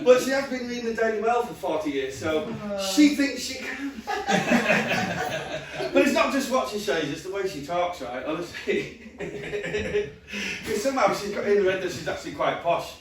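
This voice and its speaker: High lively man doing stand-up. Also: moderate pace. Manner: lively storytelling with frequent laughter. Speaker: stand-up comedian. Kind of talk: stand-up comedy set. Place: comedy venue with live audience. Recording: roomy stage audio from far off, crowd behind.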